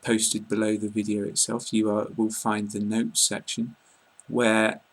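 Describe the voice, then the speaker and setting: A British man giving a casual online pronunciation lesson, speaking slowly and carefully and repeating example words. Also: on the low side, completely flat delivery, rough recording. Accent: British English. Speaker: English pronunciation teacher.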